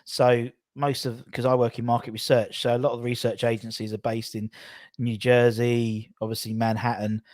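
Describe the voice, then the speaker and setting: An English man hosting a casual chat, easygoing and agreeable, with quick asides. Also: medium pitch, flat delivery, darkish tone, no echo, clean studio sound. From England. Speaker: podcast host.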